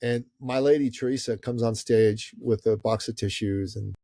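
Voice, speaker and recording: A man's voice: fairly low pitch, normal speed, no room sound. A middle-aged man from Iran telling a story in a podcast interview, acting out the people in it. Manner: animated storyteller who acts out the people in his stories. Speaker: guest entrepreneur.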